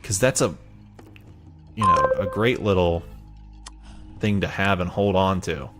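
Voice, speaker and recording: A man with a Southern US drawl chats his way through a strategy game in a lowish voice. He rambles, second-guesses himself and pokes fun at his own choices. Soft music plays faintly behind him. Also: measured pace. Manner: rambling, chatty, self-mocking. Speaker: let's play gamer. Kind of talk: casual gameplay commentary.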